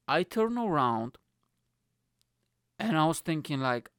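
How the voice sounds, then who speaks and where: Swearing animated male stand-up ranting. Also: on the high side, slow, pauses often, clear, resonant tone, dry recording, studio quality. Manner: animated, profane, swearing ranter; tends to end lines with "mate" and "bro". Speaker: comedian podcast host. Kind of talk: ranting casual monologue.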